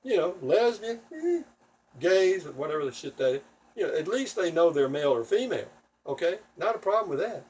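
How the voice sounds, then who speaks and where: A man with a husky, slightly rough voice, rambling casually to his video audience. He sounds a little distant from the microphone, and he is blunt, profane and opinionated while poking fun at himself. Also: on the high side, expressive, brisk. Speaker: vlogger. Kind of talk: rambling casual monologue to viewers. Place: home in Texas.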